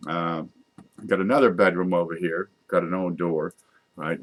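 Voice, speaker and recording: A man's voice: sits low, moderate pace. A middle-aged man talking in a loose, folksy, joking monologue, wandering from idea to idea and correcting himself as he goes. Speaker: vlogger. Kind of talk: rambling comic monologue.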